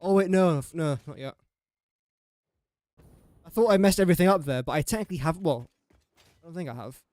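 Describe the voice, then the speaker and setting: A man's voice: a little high, fairly quick, darkish tone, no echo. Chatty young Englishman streaming a game. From England. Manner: rambling, self-mocking, chuckles often. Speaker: livestreamer. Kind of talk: casual gameplay livestream chat.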